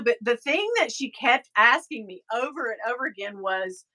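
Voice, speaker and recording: A woman's voice: a little high, animated, moderate pace, sharp tone. A middle-aged woman hosting a live stream, chatting casually, telling stories and reading out viewer comments. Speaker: livestream host.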